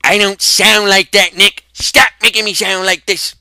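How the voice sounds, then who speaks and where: A man's voice: high-pitched, flat delivery, unhurried, vocal fry, pushed and bright, no room sound, studio quality, pitched above the performer's own voice, full character voice. A man doing a whiny, indignant young guy. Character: whiny young man, a friend mocked as a fantasy football player.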